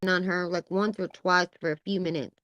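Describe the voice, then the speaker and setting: A woman's voice: lowish voice, fairly even intonation, fairly quick, a bit bright, dry recording. A woman in casual chat, reacting often with exclamations of disgust.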